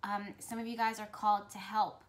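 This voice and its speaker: A woman's voice: medium pitch, flat delivery, brisk, slight background noise. Give me a woman with a mid-range voice, giving an earnest, flowing intuitive message. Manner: flowing, repetitive, earnest guidance. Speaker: spiritual reader. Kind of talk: intuitive message talk to camera.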